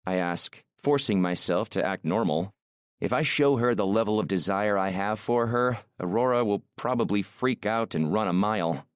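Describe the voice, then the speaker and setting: A man narrating a romance audiobook in the first person, measured and intimate, on a close mic. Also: low voice, smooth, no room sound.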